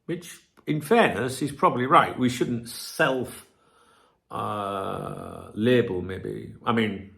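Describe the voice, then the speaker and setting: A man's voice: medium pitch, takes it slowly, vocal fry. A middle-aged man hosting a football channel, talking casually to his viewers in a cheeky, swear-filled rant. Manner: swears a lot, animated and cheeky. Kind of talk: casual ranting chat to viewers.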